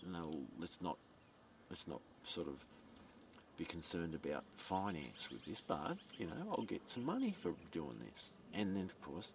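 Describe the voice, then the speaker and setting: A vlogger with a deep, gravelly voice talks slowly and rambles to camera outdoors, heard from a distance against faint ambient noise. He meanders, repeats words, swears, and chuckles often.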